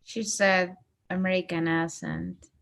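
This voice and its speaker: A woman's voice: fairly low pitch, little pitch movement, measured pace, gravelly, a bit bright. A woman student with Spanish as her first language, giving short, hesitant answers in an English lesson.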